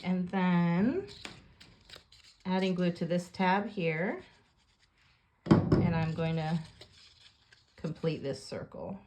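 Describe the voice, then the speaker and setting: A woman calmly explaining a paper craft step by step as she works through it. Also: fairly low pitch, takes it slowly, pauses often, noisy background. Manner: calm step-by-step instructions while working. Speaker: craft tutorial host. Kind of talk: hands-on craft tutorial.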